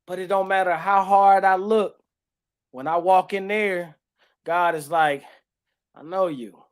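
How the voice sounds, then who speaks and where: A man tells his faith story on a podcast. He talks with raw passion, rising loud and then dropping soft, with tears and laughter breaking through. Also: high-pitched, steady tone, a little slow, smooth. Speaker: podcast co-host. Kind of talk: emotional faith testimony in casual talk.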